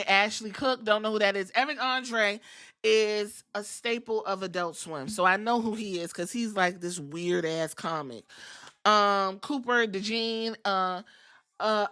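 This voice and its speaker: A woman's voice: mid-range voice, pushed and bright. A woman hosting a podcast, giving a casual, profane and sassy recap with blunt asides. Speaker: podcast host. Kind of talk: casual wrestling show recap.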